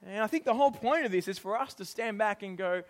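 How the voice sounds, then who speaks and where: A middle-aged man preaching a sermon, animated and often laughing as he acts out exasperated lines. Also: high voice, quick pace.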